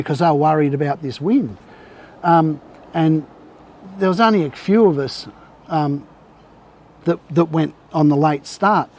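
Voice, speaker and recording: A man's voice: on the high side, a little mellow. Rambling man telling fishing stories. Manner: rambling, with many restarts and fillers. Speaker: guest angler. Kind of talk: casual storytelling on a live show.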